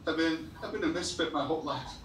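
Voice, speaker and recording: A man's voice: on the high side, fast, fairly bright tone, a little hiss or hum. A man giving an earnest, heartfelt motivational speech to a school assembly, sometimes stumbling and repeating himself when moved. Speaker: motivational speaker. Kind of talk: emotional storytelling speech to students. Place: large school hall or gym. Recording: echoey school hall from far off.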